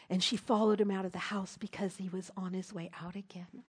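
A middle-aged woman preaching, telling a personal story in an earnest way that drops to a soft hush at tender moments. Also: fairly low pitch, steady tone, moderate pace, hardly any pauses, husky. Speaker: speaker at a church service. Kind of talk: storytelling sermon.

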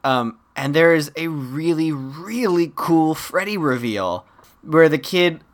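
A podcast co-host with a medium-pitched voice, animatedly walking through a film's plot in a casual, chatty way. This speaker laughs easily and drops dry, wry asides between scenes. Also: lively intonation, slow pace. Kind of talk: casual chat recapping a film.

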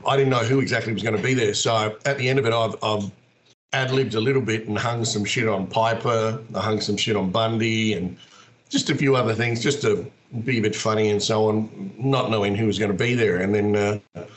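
A middle-aged Australian man, a wrestler and actor, telling stories in a casual, animated way. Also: on the low side. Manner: animated, acts out quoted voices. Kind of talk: casual storytelling.

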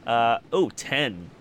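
A man playing in a tabletop game, chatting casually, giggly and animated, over clear background noise. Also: mid-range voice. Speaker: player.

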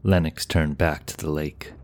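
A man narrating a fantasy audiobook in a slow, even, measured way. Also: a bass voice.

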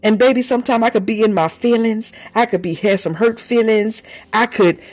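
A woman apostle preaching a sermon in a lively conversational way, breaking into laughs and shouts of praise. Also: a little high, a little fast, soft background music.

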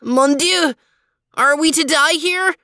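Woman voicing a prissy male dog, French flourishes, raised pitch, dry close sound, storybook reading. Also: big pitch swings, a little slow, a bit bright, no echo. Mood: panicked. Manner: haughty, dramatic, sprinkles French words.

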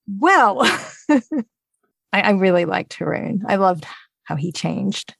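Guest narrator, English woman, gravelly tone, animated and quick to laugh. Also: fairly low pitch, dry recording. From England. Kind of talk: casual podcast chat.

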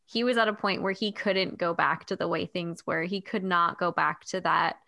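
A woman's voice: on the low side, fairly even intonation, moderate pace, gravelly, pushed and bright. A woman co-hosting a podcast in casual chat, thoughtfully explaining her views at length. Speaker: podcast co-host.

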